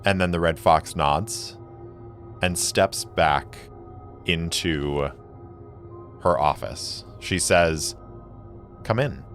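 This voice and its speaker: A man narrating a solo tabletop game, describing scenes slowly and deliberately. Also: deep voice, fairly even intonation, fairly bright tone, faint music behind.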